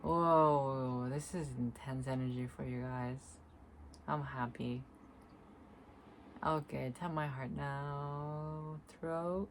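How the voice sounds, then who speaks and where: Woman, low voice, very slow and soft, searching for words, reflective vlog, faint hiss behind. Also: fairly even intonation. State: tearful at times. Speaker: spiritual vlogger. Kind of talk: slow reflective monologue, energy reading.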